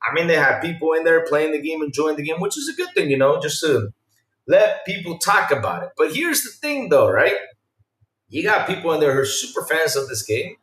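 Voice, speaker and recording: A hyped-up man chatting casually with his stream audience, his voice riding high and swinging widely as he talks. He rambles loosely, full of fillers, and the sound bounces around an echoey room. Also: fairly quick. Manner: excitable, hyped, talks to chat, lots of fillers. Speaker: podcast host and live streamer. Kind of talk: casual live-stream chat.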